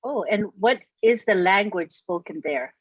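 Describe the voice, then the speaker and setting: A woman's voice: medium pitch, expressive, unhurried, husky, dry recording. A woman hosting a webinar, asking friendly, encouraging questions in casual chat on a video call. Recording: dry, muffled video call audio.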